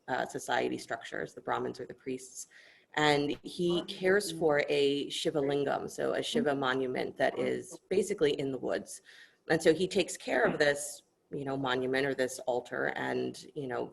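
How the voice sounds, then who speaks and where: A woman yoga teacher guiding an online class, speaking softly and gently and telling a story as she instructs. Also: low-pitched, vocal fry, slight background noise. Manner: soft-spoken, gentle and instructive.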